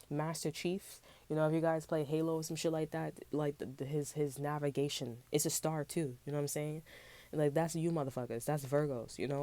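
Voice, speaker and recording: A woman's voice: low voice, dark tone. A woman giving a casual tarot reading, talking in a loose, rambling way full of slang and swearing. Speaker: tarot reader.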